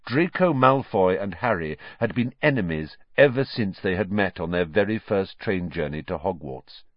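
A man narrating a story in an expressive, measured reading. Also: low-pitched, no room sound, lo-fi sound. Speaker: audiobook narrator. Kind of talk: scripted narration.

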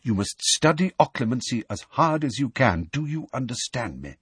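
A man doing a wise elderly wizard who speaks low and earnest. The voice is husky yet lively in its rises and falls, recorded dry and close. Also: normal speed, dry recording, heavily acted. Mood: urgent. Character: wise elderly male wizard headmaster, calm and grave.

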